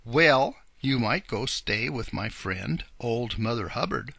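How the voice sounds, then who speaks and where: A man voicing kindly old Mother Goose, who speaks gently and matter-of-factly. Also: mid-range voice, lively intonation, slow pace, vocal fry, no room sound, heavily acted. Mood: helpful. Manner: gentle, matter-of-fact storyteller's tone.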